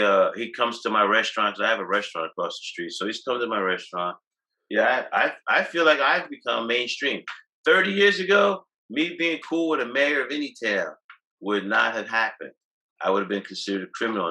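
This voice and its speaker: A man speaks as an interview guest over a video call. His voice sits low yet sounds bright and forward. He tells stories in a loose, boastful way, often stopping and restarting mid-sentence. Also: rough recording. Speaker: guest, cannabis activist. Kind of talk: casual interview talk.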